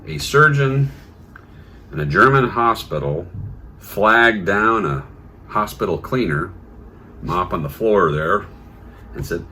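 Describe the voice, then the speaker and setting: A man hosting a comedy show, recapping odd news stories in a deadpan storytelling manner that breaks into silly voices. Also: sits low, a little slow, long pauses, slight background noise.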